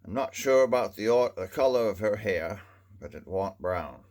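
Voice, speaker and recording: An older man with a Maine accent delivering a folksy comic monologue, unhurried and dry, with wry humor. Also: on the low side, expressive, darkish tone.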